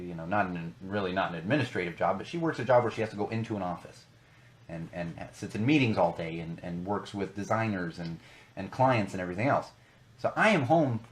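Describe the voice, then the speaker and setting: A young adult man hosting a podcast, talking casually and emphatically, repeating words for stress. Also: lowish voice. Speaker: podcast host.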